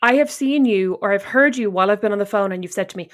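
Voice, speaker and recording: A middle-aged Irish woman co-hosting a podcast, bantering dryly with her sister. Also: mid-range voice. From Ireland. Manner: dry, quick-witted banter. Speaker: podcast co-host. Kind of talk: casual chat.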